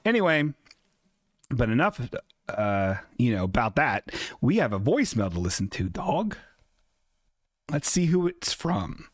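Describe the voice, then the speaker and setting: A man's voice: mid-range voice, big pitch swings, measured pace, pauses often, no room sound, clean studio sound. A man hosting a comedic live-stream show who talks in a rambling, flustered, jokey way. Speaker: host.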